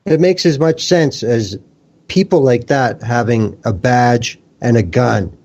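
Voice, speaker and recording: A man talks slowly and bluntly, swearing freely and explaining his view with everyday workplace metaphors. His voice comes through dull and lo-fi, like a home podcast feed. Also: mid-range voice, a little mellow. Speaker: electrician and panelist. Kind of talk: casual political discussion. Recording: dull lo-fi stream audio.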